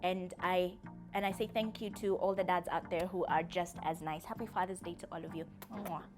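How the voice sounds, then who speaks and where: A woman's voice: fairly low pitch, fairly even intonation, fairly quick, over music. A young woman, fondly addressing her father in a chatty, giggly, emotional way. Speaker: vlogger. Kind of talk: heartfelt personal address.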